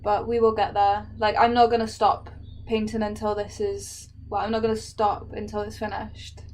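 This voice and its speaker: A woman's voice: medium pitch, flat delivery, moderate pace, a little mellow, a little hiss or hum. A woman from England with a Welsh-tinged accent, chatting casually and laughing often as she paints and answers viewers. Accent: Welsh-tinged English. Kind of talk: casual chat while painting.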